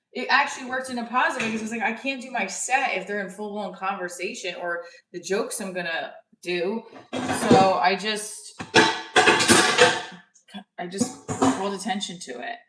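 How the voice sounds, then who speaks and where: A woman's voice: medium pitch, sharp tone, reverberant, recorded from a distance, low-quality recording. A woman comedian chatting casually on a live stream, rambling and cutting herself off as she tells a story. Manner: chatty, rambling, self-interrupting. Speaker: stand-up comedian.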